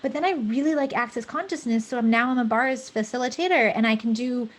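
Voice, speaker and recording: A woman guest speaking in a relaxed podcast conversation, her voice sitting a little high. She talks in a reflective, unhurried way and pauses on fillers as she feels her way through ideas. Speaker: podcast guest, fascial stretch therapist and creator.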